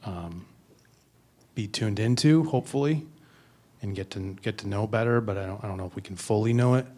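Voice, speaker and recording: A man's voice: on the low side, brisk, darkish tone. A young man answering a question in church, thoughtful and tentative. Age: young adult. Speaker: congregant.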